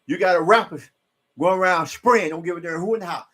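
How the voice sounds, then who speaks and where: A man preaching informally from scripture in a loose, repetitive way, rising to emphatic shouts when he reads the verses. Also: sits high, a little fast. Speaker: self-styled preacher.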